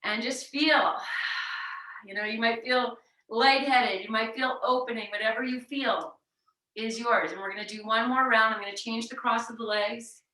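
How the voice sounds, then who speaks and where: Sweating from exertion, a woman instructs a yoga class at normal speed, offering soft, supportive cues and stopping to show forceful breathing techniques. Her voice is a little high, bright and clear, picked up from afar in an echoey space.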